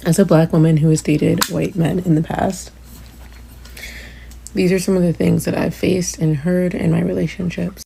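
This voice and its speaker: A woman calmly recounting past relationships in a flat, low-key, reflective way. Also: moderate pace, gravelly, slight background noise. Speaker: storyteller in a short clip. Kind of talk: casual storytelling.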